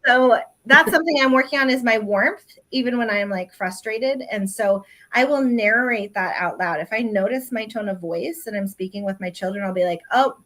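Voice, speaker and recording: A woman's voice: medium pitch, normal speed, hardly any pauses, fairly bright tone. A middle-aged woman talking casually on a panel, thoughtful and hedging, with lots of ums and asides. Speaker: re-parenting panelist.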